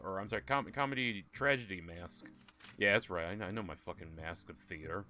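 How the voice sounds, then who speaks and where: A man's voice: low-pitched, fairly quick, pushed and bright. A man giving casual, sarcastic, profane commentary while playing a point-and-click game. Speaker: gaming streamer. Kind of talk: casual let's-play commentary.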